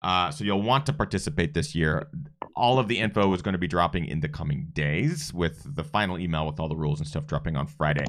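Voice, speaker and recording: A man's voice: low-pitched, fairly bright tone, slight background noise. A man hosting a live running podcast, chatty and upbeat as he promotes and wraps up the show. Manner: upbeat, chatty, listing sponsors in quick succession. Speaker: podcast host.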